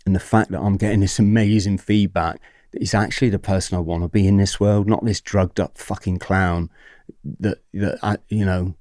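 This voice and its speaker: A man's voice: sits low, steady tone, moderate pace, a little mellow, no echo, studio quality. A man guest on a podcast, telling his story candidly and animatedly, with swearing and frequent checks with the host.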